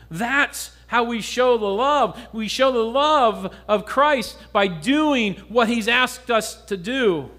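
Pastor, male, high voice, earnest sermon delivery that drops soft and low for stories. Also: expressive, slow pace, hardly any pauses. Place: church.

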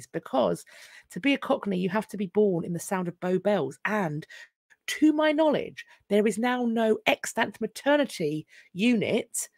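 On her relaxed history live stream, a woman from England with a London accent keeps cutting herself off and restarting, her manner chatty and wry. She speaks in a mid-range voice with vocal fry, recorded cleanly in a studio without echo.

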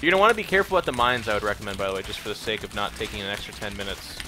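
A man co-hosting a casual gaming podcast who chats and tells jokes in a matter-of-fact, deadpan way. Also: on the low side, very fast. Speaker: co-host.

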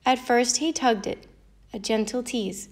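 A woman narrating a children's fable in an expressive, lilting read-aloud manner. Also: on the high side, unhurried. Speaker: storyteller. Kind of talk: storybook narration.

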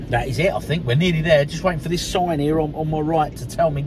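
A man's voice: fairly high pitch, moderate pace. A man, chatting jokily to viewers from his car as it goes through a car wash. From England. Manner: chatty, jokey, addresses viewers as "people" and "mate". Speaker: vlogger. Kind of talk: casual vlog chat. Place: inside a car at an automated car wash. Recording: noisy car wash in the background.

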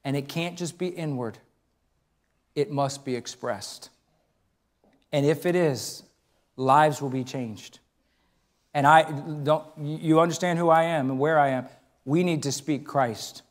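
High-voiced preaching pastor. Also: male voice, slow pace, pauses often. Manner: preaching with emphatic rises and hushed storytelling. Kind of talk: sermon. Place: church.

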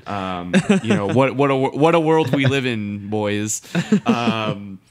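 A man's voice: fairly low pitch, takes it slowly, a crowd in the background. A young man co-hosting a casual podcast, rambling with many fillers and laughing at himself. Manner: rambling, lots of fillers, admits being drunk. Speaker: podcast co-host. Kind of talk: casual chat.

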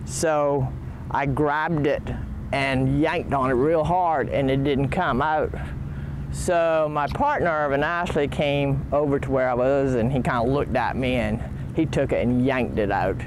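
Man, clam farmer, very slow delivery, matter-of-fact, outdoor noise. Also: medium pitch. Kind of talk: casual interview storytelling. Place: outdoors by the water.

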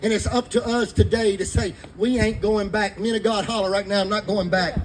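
A man's voice: high voice, flat delivery, fairly quick, a little hiss or hum, poor audio. A man, preaching fervently in a sermon to a live congregation. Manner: fervent preaching in Southern vernacular. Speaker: pastor.

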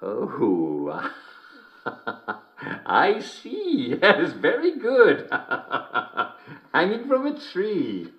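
A man's voice: mid-range voice, big pitch swings, measured pace, pauses often, lo-fi sound. An actor playing a jovial, middle-aged English TV host who chuckles between lines with a smarmy showman delivery, in a scripted game broadcast. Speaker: TV and radio host.

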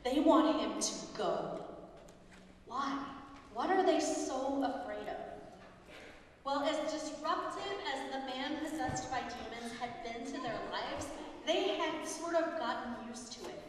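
A woman pastor preaching a sermon, telling the story with lively quoted voices. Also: high voice, takes it slowly. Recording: echoey hall, distant mic, faint background noise.

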